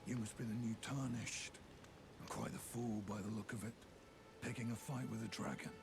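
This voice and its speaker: An actor playing a wry, world-weary wanderer in a video game who mocks the player. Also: male voice, fairly low pitch, steady tone, normal speed, creaky. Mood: mocking. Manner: dry, mocking. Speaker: game character. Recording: game audio under music.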